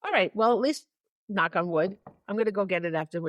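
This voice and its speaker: A woman's voice: mid-range voice, expressive, quick pace, no echo. A woman co-hosting a podcast in casual chat, telling a story with energy and acting out both sides of the phone calls as she goes. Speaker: podcast co-host.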